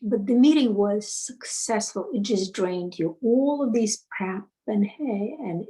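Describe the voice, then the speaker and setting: Slow, deliberate woman coaching. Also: mid-range voice, animated, warm tone, poor audio. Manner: storytelling with many fillers and restarts. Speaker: self-help coach. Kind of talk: unscripted teaching talk.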